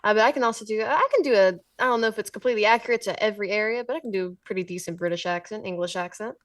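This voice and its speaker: A woman's voice: medium pitch, very fast, no echo, far from the mic. A woman from Georgia, a podcast guest, chatting playfully and eager to try things. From Georgia, USA. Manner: playful, game for anything. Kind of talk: casual interview chat.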